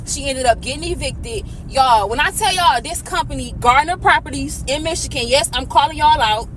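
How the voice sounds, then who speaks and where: A woman's voice: high-pitched, normal speed, a bit bright, slight background noise, rough recording. A woman in her late twenties venting to camera about something that frustrates her, swearing often and fighting back tears. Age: 20s. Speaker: vlogger.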